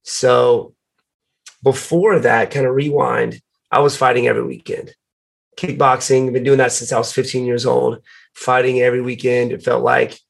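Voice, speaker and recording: Gravelly laid-back man chatting. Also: medium pitch, moderate pace. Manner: relaxed storytelling, many fillers. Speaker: guest, fighter. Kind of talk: casual podcast chat.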